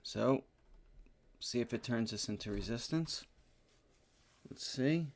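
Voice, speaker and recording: A day trading streamer with a mid-range voice speaks at a slow pace as he works through charts live. He's dealing with a sore back and swears in frustrated outbursts whenever a trade turns against him.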